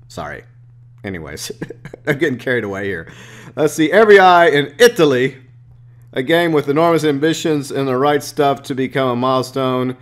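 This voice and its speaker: A man who runs a gaming channel, reading out game previews and adding excitable, joking asides. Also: mid-range voice, normal speed. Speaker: gaming YouTuber.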